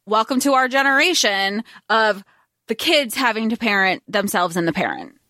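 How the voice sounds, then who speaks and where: A woman with a bright, somewhat high voice co-hosting a podcast. She adds dry, joking comments to a casual movie chat. The sound is close and dry. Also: sing-song, normal speed, no room sound. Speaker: podcast co-host.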